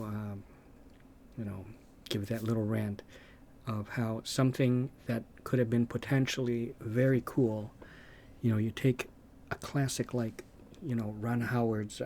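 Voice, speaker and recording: A man's voice: on the low side, darkish tone, slight background noise. A man making gaming videos, ranting casually and rambling, with lots of hesitations and restarts.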